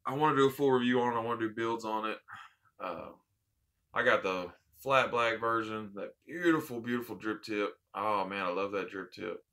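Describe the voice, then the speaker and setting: Bright-voiced man from the American South. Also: lowish voice, normal speed. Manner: heartfelt, rambling, repeats phrases. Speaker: vape channel host. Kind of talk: casual unboxing vlog.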